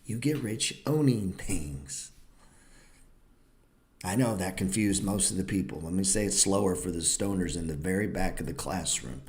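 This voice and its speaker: Hosting a live-streamed trading class, this man has a low, darkish voice with lively intonation and a normal speaking speed. He's a trading educator and show host who talks bluntly, swears freely, and lectures with a sarcastic edge.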